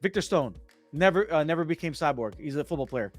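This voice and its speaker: A man casually discussing a movie on a podcast, animated and excitable, acting out scenes as he goes. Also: a little high, fast talker, no room sound, faint music behind. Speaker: podcast host.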